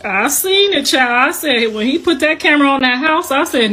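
A woman in casual gossip chat, sassy and animated, laughing as she tells the story. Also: high voice, moderate pace, hardly any pauses, a little hiss or hum.

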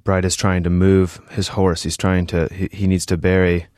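A man, a novelist, talking in an interview with many halting restarts and reading from his book. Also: low-pitched, monotone, a little mellow, no echo, clean studio sound.

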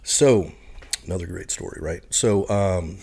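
A middle-aged Canadian man with a low voice, vocal fry and a breathy edge speaks at a measured pace. As a podcast guest, he tells a story in casual talk, animatedly acting out the people in it.

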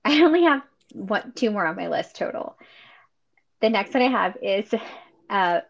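A woman co-hosting a podcast in casual chat, relaxed and agreeable. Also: mid-range voice, normal speed, creaky, highs cut off. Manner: relaxed, agreeable, rule-following. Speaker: podcast co-host.

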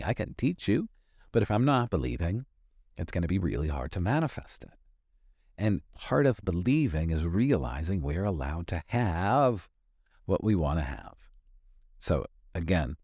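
A man's voice: deep voice, very animated, unhurried, warm tone, breathy edge, no echo, studio quality. A man hosting a motivational podcast, talking emphatically, repeating key lines for weight. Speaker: podcast host and life coach.

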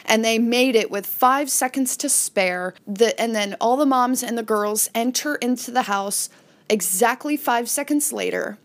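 A woman's voice: fairly high pitch, a little slow. A woman hosting a podcast, casually recapping an episode in a chatty way and briefly acting out quoted lines. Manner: chatty, retells scenes with brief acted-out quotes. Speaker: podcast host.

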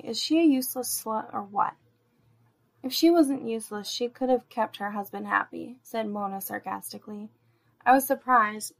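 A woman's voice: fairly high pitch, a bit bright. A woman narrating a first-person erotic story, reading with small slips and restarts.

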